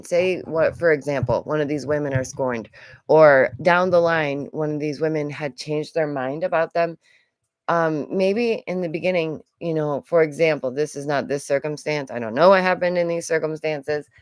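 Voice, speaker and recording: A woman's voice: deep voice, moderate pace, a little mellow, no echo, studio quality. A young adult woman giving casual, rambling reaction commentary as a vlogger, with lots of asides. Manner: chatty, rambling, with frequent asides and laughs.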